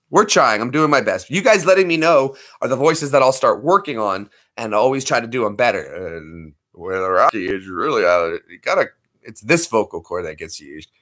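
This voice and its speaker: A man's voice: mid-range voice, animated, normal speed, a bit bright. A man streaming live, chatting casually and laughing often between impressions. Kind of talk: casual livestream chat.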